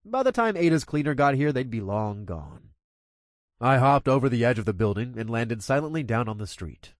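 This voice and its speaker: A man narrates a first-person story, his voice rising and falling with lively expression. His language is crude and coarse. The recording is close and dry. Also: medium pitch, normal speed, dry recording.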